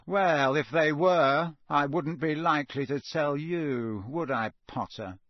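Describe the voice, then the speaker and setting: A man doing a spoiled teenage boy from a storybook who drawls every word with lazy contempt. The voice sits a touch above the reader's own and stretches out slowly and mockingly. The sound is dry and close. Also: on the high side, a bit bright, no echo. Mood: drawling sneer.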